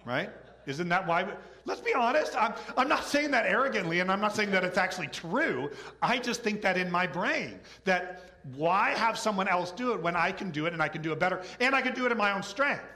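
A middle-aged man delivering a sermon in a chatty, animated style. His voice sits a little high and sounds bright and forceful. He often slips into quoted voices to act out scenes. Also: a little fast. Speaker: pastor.

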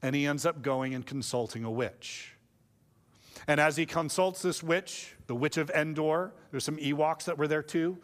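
Man, pastor, casual joking sermon, slightly high voice, long reverb. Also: normal speed.

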